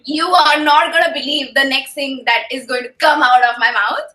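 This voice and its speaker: Podcast guest: young woman with an Indian accent, native Marathi, easygoing casual chat, sharp voice. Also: high-pitched, fairly even intonation, normal speed, soft background music. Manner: laughing, easygoing.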